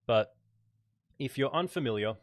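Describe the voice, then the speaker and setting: Relaxed and thinking aloud with fillers, a lightly accented Australian man hosts a casual photography livestream. He speaks at a measured pace with a medium pitch, and the studio sound is clean with no room sound.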